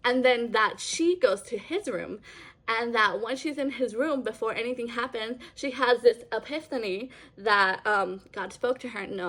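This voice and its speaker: A woman's voice: mid-range voice, fairly bright tone. A woman casually retelling an online story in a chatty way, full of fillers. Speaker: vlogger.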